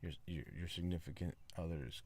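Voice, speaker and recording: A man's voice: deep voice, steady tone, a little fast, dark tone. A man hosting his own podcast, talking in a casual, rambling solo monologue with many fillers and repeats. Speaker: podcast host.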